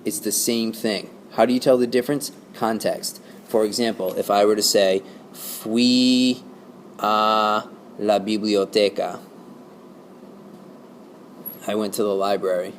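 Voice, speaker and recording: Guy teacher explaining grammar real slow, keeps checking "okay?", faint hiss in the background. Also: lowish voice, steady tone. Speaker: Spanish teacher. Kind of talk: recorded classroom lesson.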